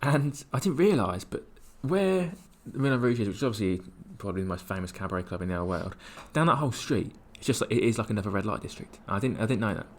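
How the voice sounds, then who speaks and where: A man from England telling a rambling, animated travel story in casual podcast chat, with many restarts. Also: on the low side, quick pace, few pauses. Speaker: podcast co-host.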